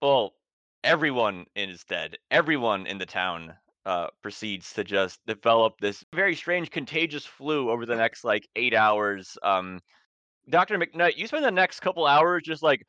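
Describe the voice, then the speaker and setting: A male game master narrates a tabletop horror game in a bright, forward voice. He is laid-back and halting, with lots of fillers. The sound is dry and a bit dull, like a cheap mic close up. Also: mid-range voice, expressive, no echo.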